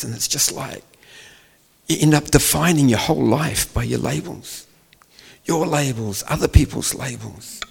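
Gravelly male preacher in a reverberant hall. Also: mid-range voice, unhurried, a little mellow. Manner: storytelling, acts out dialogue, rising to emphatic peaks. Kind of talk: sermon.

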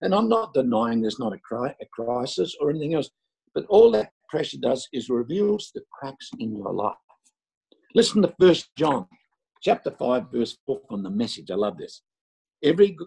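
A man's voice: on the high side, sing-song, normal speed, creaky, mellow, husky, rough recording. An older man preaching a sermon, telling stories and repeating phrases for emphasis. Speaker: pastor.

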